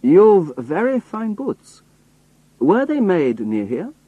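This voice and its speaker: Dude doing a sly agent voice, slow, pokey questions, higher pitch. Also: male voice, wildly swooping pitch, slightly rough, dry recording, phone-quality sound, full character voice. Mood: probing.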